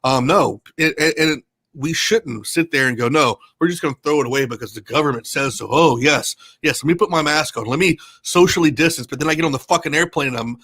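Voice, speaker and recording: A man's voice: on the high side, fairly quick, bright, forceful tone, husky. A man who is a podcast guest, ranting indignantly and with plenty of swearing in a casual group chat.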